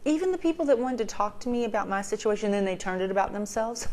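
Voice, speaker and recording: Talking fast with hardly any pauses, a woman with a higher, darkish voice gives heartfelt recovery advice in her vlog. She's earnest and emotional, filling her speech with ums and repeated phrases for emphasis.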